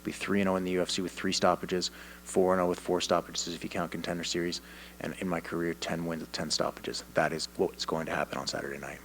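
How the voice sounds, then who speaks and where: Low-voiced, confident Canadian fighter. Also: male voice, fast talker, slight background noise, poor audio. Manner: confident, animated storytelling with repeated restarts. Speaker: MMA fighter at media day. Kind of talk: press interview answers. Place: media day press room.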